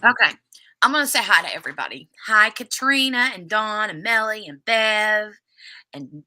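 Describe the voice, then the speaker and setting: A woman's voice: medium pitch, lively intonation, unhurried, pushed and bright. A woman hosting a casual livestream, chatty and laughing often as she greets viewers by name and recaps a TV episode. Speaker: livestream host.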